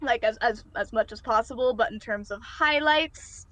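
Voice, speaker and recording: A woman hosting a casual online watch party, chatty and quick to laugh. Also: fairly high pitch, bright, forceful tone, no echo. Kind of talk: casual group chat.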